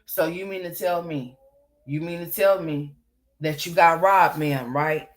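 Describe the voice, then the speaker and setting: A woman's voice: low-pitched, a little slow. A woman giving a blunt, profane opinion commentary, firing off rhetorical questions. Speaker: online commentator.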